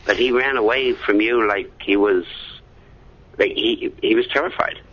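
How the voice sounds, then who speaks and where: A man talking as a radio show guest, halting and often repeating his words. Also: on the low side, lo-fi sound. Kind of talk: casual radio talk.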